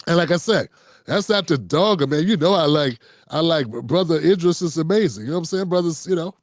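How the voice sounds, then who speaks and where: A man's voice: a little high, a little fast, no echo, studio quality. A man hosting unscripted political commentary, talking casually and riffing, slipping into quoted voices.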